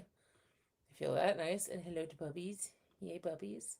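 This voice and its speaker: A woman's voice: lowish voice, moderate pace, gravelly, darkish tone. A young woman hosting a casual livestream, chatting and reading out viewer comments in a rambling, friendly way. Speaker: livestream host. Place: home room.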